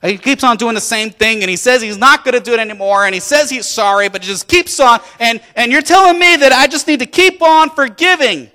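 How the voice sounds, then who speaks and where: A man's voice: high-pitched, takes it slowly, long pauses, sharp tone, in a large hall, pitched above the performer's own voice, full character voice. A man voicing an exasperated disciple asking how often he must forgive. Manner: complaining, rising.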